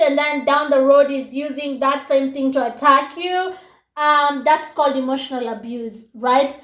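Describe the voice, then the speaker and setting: A woman's voice: high-pitched, echoey room. A woman in her thirties with a youthful, baby-like voice, chatting casually as she gives relationship advice with lots of fillers and asides. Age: 30s. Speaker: relationship talk speaker.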